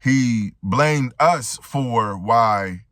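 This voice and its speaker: A man's voice: medium pitch, very slow, fairly bright tone, no room sound, studio quality. A man giving a reaction commentary monologue, making rhetorical points and often tagging them with "right?".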